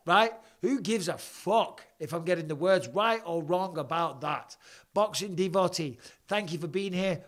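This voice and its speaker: A man's voice: high-pitched, a little slow, a bit bright. A man, hosting a casual live stream and reading viewer comments with blunt, swearing, mock-annoyed banter. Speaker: host of a live show.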